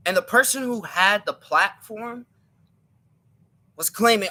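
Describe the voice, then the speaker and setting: A man's voice: high voice, unhurried, pauses often, pushed and bright. A man giving an emphatic opinion monologue on his live stream, often repeating and restarting his words.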